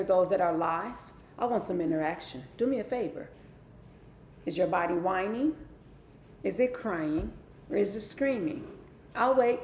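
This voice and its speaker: A middle-aged woman delivers a motivational talk on her wellness livestream, speaking emphatically and directly to her live viewers. Her voice sits on the low side, gravelly and darkish. The room is echoey, with faint ambient noise.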